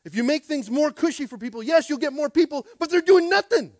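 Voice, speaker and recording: A male pastor with a high voice, preaching a lively sermon that jumps from shouted calls to quiet, chatty asides. He talks plainly and casually, stumbling over restarts and often asking "are you with me?" The sound is close and dry, with no room echo. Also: brisk. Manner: calls for response from the congregation; casual, conversational phrasing with frequent restarts.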